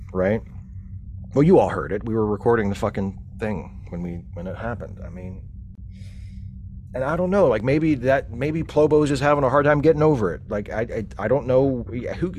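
A man's voice: mid-range voice, darkish tone, a little hiss or hum, natural voice. A man playing a grieving, frustrated young man who rambles with many fillers in a comedic audio drama. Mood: brooding.

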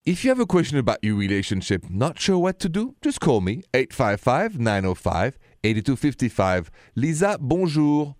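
A man with a French accent hosting a call-in relationship advice radio show, speaking calmly, slowly and softly. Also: mid-range voice, no echo, clean studio sound. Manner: calm, slow, soft-spoken.

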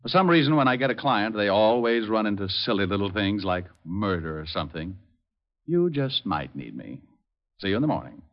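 An actor playing a wisecracking private detective who narrates in a wry, laid-back way, in 1940s radio acting from a muffled old broadcast. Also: male voice, fairly low pitch, very animated, brisk. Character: wisecracking male private eye.

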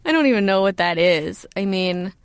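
A woman's voice: mid-range voice, lively intonation, moderate pace, clear, resonant tone, no room sound. A woman comedy writer on a podcast, chatting loosely with plenty of laughs and fillers. Her voice sits mid-range for a woman. The booth is dry and close. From born in Uzbekistan, raised in the US. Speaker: comedy writer and voice actor guest. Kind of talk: casual podcast chat. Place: recording booth.

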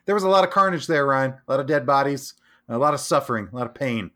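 A man's voice: medium pitch, animated, quick pace, a bit bright. A man co-hosting a comedy podcast, speaking in a laid-back, crude, mock-serious way. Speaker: podcast co-host. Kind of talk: comedic banter.

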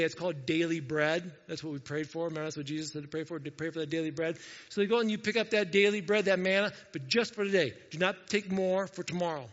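A man giving a casual Bible teaching, conversational and animated, often asking his listeners questions. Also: high-pitched. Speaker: pastor. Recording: dull sound with long reverb.

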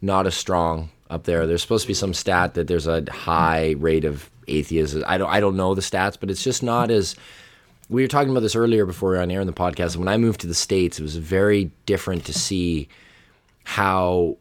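Male podcast guest, lowish voice, loose rambling storyteller. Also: normal speed. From Canada. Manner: rambling storyteller, heavy on fillers. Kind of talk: casual chat.

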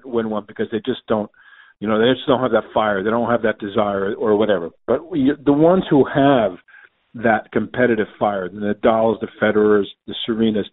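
Man on a tinny phone line. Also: medium pitch. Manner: rambling, lots of you-knows and restarts. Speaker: tennis journalist guest. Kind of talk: phone interview.

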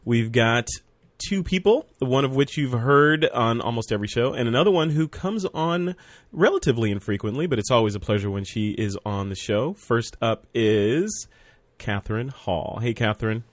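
A man's voice: medium pitch, animated, moderate pace, dry recording. A man hosting a photography podcast in an upbeat, jokey, friendly way. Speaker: podcast host. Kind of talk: casual podcast chat.

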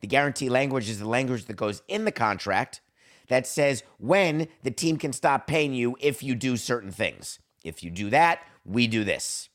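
A middle-aged man hosting a solo sports podcast, talking in a jokey, theatrical way and swinging his pitch up for emphasis. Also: sing-song, moderate pace, fairly bright tone. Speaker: podcast host.

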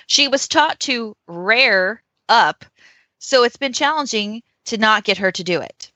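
A woman's voice: fairly high pitch, expressive, a little slow, bright, forceful tone, dry recording. A woman guest in casual talk, playful and joking as she reads ads aloud. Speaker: podcast guest. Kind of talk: casual chat.

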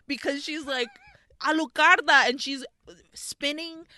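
A woman co-hosting a podcast, recapping a horror film in an animated, profane way with lots of laughter. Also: a little high, unhurried, clear, resonant tone, no echo. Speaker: podcast co-host. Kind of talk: casual film recap chat.

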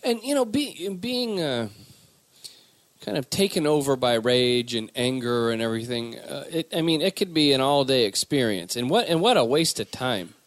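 A man's voice: mid-range voice, lively intonation, normal speed, dry recording. A man co-hosting a podcast, chatting in a rambling, joking way with plenty of fillers as he reads out listener mail. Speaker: podcast co-host. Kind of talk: casual chat, reading listener mail.

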